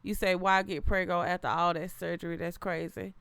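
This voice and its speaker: A woman's voice: on the low side, little pitch movement, a little fast, a bit bright, clean tone, no echo. A woman in her thirties hosting a casual livestream, chatting loosely and reading viewer comments aloud, often repeating and restarting her phrases. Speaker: livestream host.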